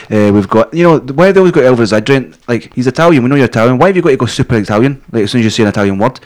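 A man's voice: medium pitch, lively intonation, rapid-fire, few pauses, darkish tone. A Scottish man co-hosting a podcast, rambling and swearing constantly as he jokes. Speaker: podcast co-host. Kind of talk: crude casual chat.

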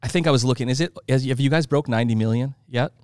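A man hosting a podcast interview, asking halting, rambling questions. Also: mid-range voice, a little mellow, clear, resonant tone, no room sound, studio quality. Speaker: podcast host. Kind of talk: casual interview. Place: ministry headquarters office.

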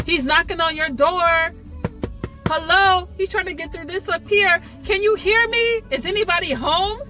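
A woman giving a passionate, earnest devotional talk to camera, pleading and repeating words for emphasis. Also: high-pitched. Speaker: Christian video teacher.

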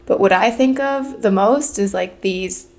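A woman's voice: mid-range voice, a little slow, darkish tone. A young adult woman co-hosting a casual podcast chat, talking loosely with many fillers. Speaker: podcast co-host.

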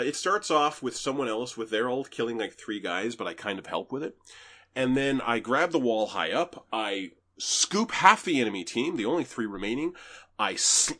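A young Canadian man with a Canadian accent, talking casually about a video game as a podcast co-host. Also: medium pitch. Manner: animated, laughs often. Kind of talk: casual gaming chat.

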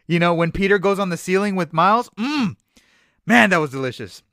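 Co-hosting a movie podcast, this man is animated and emphatic in casual conversation, saying his phrases over again to drive points home. His voice sits high and fairly quick, captured in a dry, clean studio recording.

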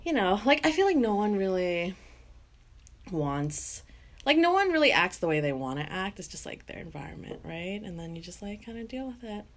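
Giggly, animated young Canadian woman. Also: medium pitch, normal speed. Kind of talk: casual chat.

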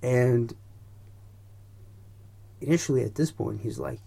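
A man's voice: on the low side, fairly even intonation, measured pace, creaky, breathy edge. A man casually telling a long, rambling story in loose, swear-heavy chat.

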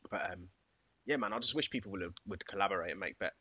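A man's voice: sits low, quick pace, bright, forceful tone, highs cut off. A man, casually chatting on a podcast, laid-back and slangy, often laughing. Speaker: podcast co-host. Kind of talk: casual chat.

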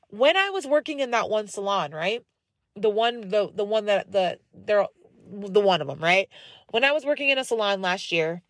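A young woman hosts her podcast in a casual monologue, slipping into quoted voices as she tells her stories. Her voice sits a touch high, and the close, dry recording has no room sound. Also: dry recording. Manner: animated storyteller, acts out quoted voices; encouraging, direct address to listeners. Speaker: podcast host. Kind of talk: casual faith-based monologue.

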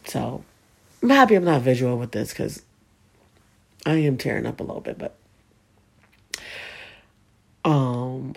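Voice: medium pitch, a little mellow. A speaker telling a painful personal story in a casual, candid way, swearing often and speaking with emotion.

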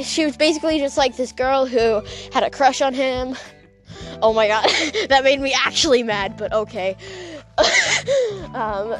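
A woman telling a rambling story while she walks outdoors at night. She giggles often and fills her speech with "like". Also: high voice. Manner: rambling, giggly, full of fillers like "like". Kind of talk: casual vlog storytelling.

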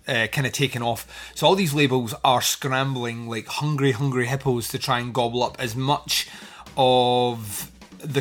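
A man's voice: medium pitch, a bit bright. A man hosting a film podcast, talking in a chatty, jokey, rambling way. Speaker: podcast host. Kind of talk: casual film podcast chat.

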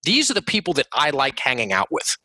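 A man's voice: mid-range voice, huge pitch swings, fast, pushed and bright, slightly rough, no room sound. A man as a podcast guest, talking enthusiastically and emphatically about his work. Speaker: podcast guest, course creator. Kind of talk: casual interview chat.

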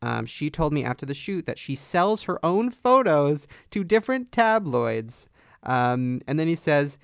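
A young man dishes gossip as a co-host in a campy, sarcastic, profane style. His voice has a gravelly edge, and it sounds dry and close. He laughs often as he talks. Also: fairly high pitch, sing-song, unhurried, dry recording. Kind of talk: gossipy podcast chat.

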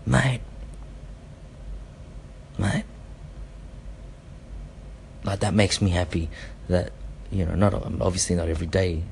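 Deep gravelly rambling man. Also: little pitch movement, brisk, darkish tone, slight background noise. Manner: rambling, laughing, many fillers. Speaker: podcast host and father. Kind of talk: casual chat.

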